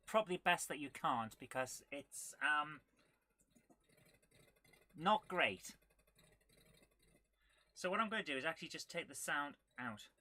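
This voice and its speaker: A woman hosting a casual retro gaming live stream, chatting with viewers and reacting excitedly while she plays. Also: sits low. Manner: chatty, reads viewer comments aloud, bursts of excitement while playing.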